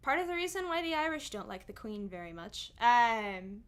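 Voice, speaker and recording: A woman's voice: fairly high pitch, very animated, moderate pace, a bit bright, clean tone. A young woman, a singer and streamer, chatting casually on stream and explaining at length with many asides.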